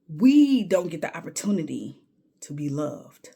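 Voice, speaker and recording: A woman's voice: sits low, sing-song, a little slow, gravelly, mellow, breathy edge. A woman vlogger telling a candid story in an emphatic way, repeating words when she gets worked up.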